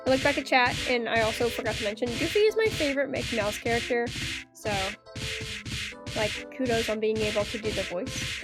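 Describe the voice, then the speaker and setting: A young woman with a high, light voice chatting while she streams a game. She rambles casually, leaning on fillers as she thinks aloud. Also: fairly quick, over loud music.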